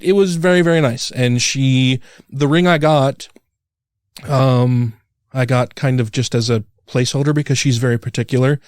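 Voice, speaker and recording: A man in his thirties with a smooth, resonant voice, chatting as a podcast co-host. He rambles through stories full of fillers and jokes at his own expense. His pitch leaps whenever he acts out his own worry, and the sound is dry and close. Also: a little mellow, dry recording. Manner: rambling, self-deprecating storytelling with lots of fillers; jumps high when acting out his own panic. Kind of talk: casual chat.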